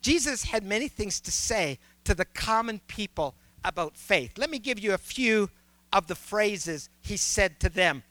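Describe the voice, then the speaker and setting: A middle-aged man preaching a sermon, telling a personal story that turns soft and low before rising into preaching. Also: expressive, unhurried, dry recording. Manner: storytelling, drops to soft low tones then rises to preaching.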